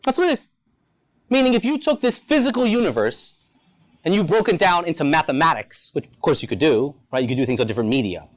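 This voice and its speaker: A man's voice: on the high side, animated, quick pace. A man, a rabbi, teaching a lunchtime Torah class with rhetorical questions and playful asides. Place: school campus.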